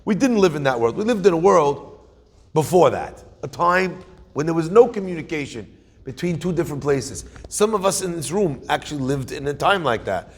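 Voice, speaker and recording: Gravelly-voiced rabbi preaching in a hall. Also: male voice, on the high side, animated, moderate pace. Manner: storytelling with Yiddish-flavored phrasing and rhetorical questions. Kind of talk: sermon. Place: room with an audience.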